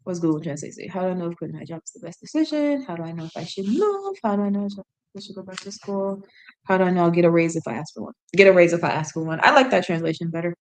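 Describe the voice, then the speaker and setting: A woman's voice: on the low side, lively intonation, quick pace. Woman streamer working through a book translation on air, musing and self-correcting. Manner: thinking aloud, self-correcting. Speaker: language learner streamer. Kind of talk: reading aloud and translating.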